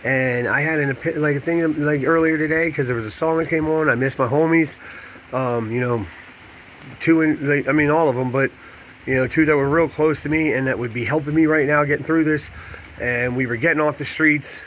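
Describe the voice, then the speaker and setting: A man's voice: medium pitch, fairly bright tone, slight background noise. A man in a casual confessional monologue to a camera, rambling and candid, jumping between thoughts while he paces. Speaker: vlogger and podcast host.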